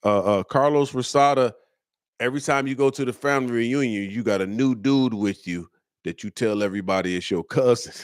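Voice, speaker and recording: A man's voice: mid-range voice, normal speed, dry recording, studio quality. A man hosting his own comedy show, roasting viewers' comments in loose slang and breaking into laughter. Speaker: comedian host.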